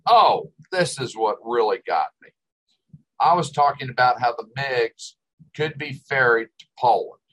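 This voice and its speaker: A man's voice: mid-range voice, animated, measured pace, a bit bright, rough recording. Exasperated ranting man. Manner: exasperated, insulting, sarcastic. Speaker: host. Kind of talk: ranting commentary.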